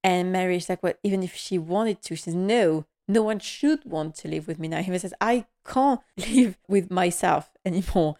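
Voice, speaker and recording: A woman hosting a podcast, giving a casual episode recap in a quick, emotional, heartfelt way. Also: fairly low pitch, a little mellow. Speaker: podcast host.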